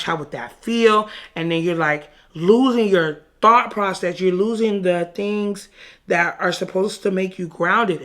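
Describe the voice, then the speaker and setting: A woman vlogging in a casual, frank chat to camera, telling stories in an animated, dramatic way. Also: lowish voice. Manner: frank, outspoken.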